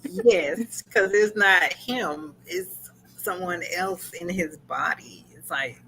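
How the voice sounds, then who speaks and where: A woman co-hosting a review chat with a bright, ringing tone. She tells the story in an animated way and acts out the quotes. Faint noise sits underneath. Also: lowish voice, slow pace, poor audio. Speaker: podcast co-host.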